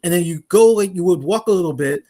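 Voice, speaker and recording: A young man with a notably high voice co-hosts a casual gaming podcast. He rants animatedly, laughing and acting out quotes as he talks. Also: quick pace, mellow. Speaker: podcast co-host.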